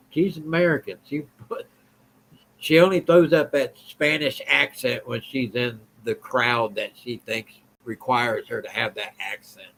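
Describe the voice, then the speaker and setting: A man's voice: mid-range voice, fairly bright tone, rough recording. A man hosting a political live stream, talking bluntly, repeating himself and answering viewers' comments. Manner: blunt, repetitive, reads and answers chat.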